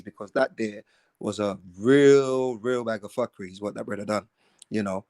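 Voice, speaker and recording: A man's voice: fairly low pitch, moderate pace, a little mellow, no room sound. A man, rambling through a panel discussion in casual slang and stacking up fillers as he goes. The recording is dry and close.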